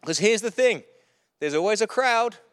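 Emphatic preacher with a higher-pitched voice. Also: male voice, animated, normal speed, a bit bright, clean tone. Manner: emphatic, rising and falling with fervor. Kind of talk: sermon.

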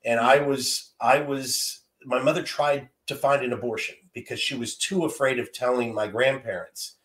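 A man's voice: medium pitch, steady tone, moderate pace, a bit bright. A man in his fifties telling a heartfelt personal story as a guest, earnest and often repeating words as he gathers his thoughts. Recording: roomy echo.

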